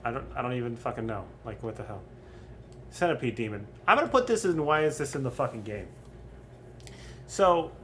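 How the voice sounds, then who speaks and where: A young man streaming casual game commentary, rambling and swearing freely between frequent ums. His pitch sits in an ordinary middle range. A faint hiss of background noise runs under the recording. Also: a bit bright. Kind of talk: casual crude gaming commentary.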